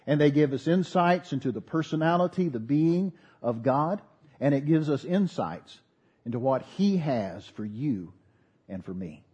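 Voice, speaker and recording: A pastor preaching a sermon, earnest with folksy asides. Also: male voice, on the high side, lively intonation, a little slow, dark tone, husky, highs cut off.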